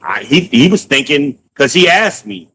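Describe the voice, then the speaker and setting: Profane, animated man ranting at home. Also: mid-range voice, normal speed, slightly rough, poor audio. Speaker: podcast host. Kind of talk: casual ranting vlog. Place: at home, moving between rooms.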